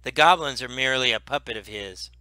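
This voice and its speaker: A man voicing an old dragon who speaks slowly and hesitantly. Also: medium pitch, sharp tone, no echo. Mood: wary. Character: old wary dragon, slow and measured.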